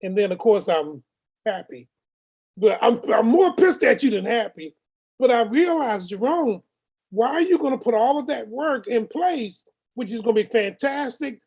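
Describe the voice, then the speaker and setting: A man's voice: extremely high pitch, moderate pace. Blunt swearing man on a call. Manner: animated, blunt, swearing, repeating himself. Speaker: call participant. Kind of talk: casual testimony.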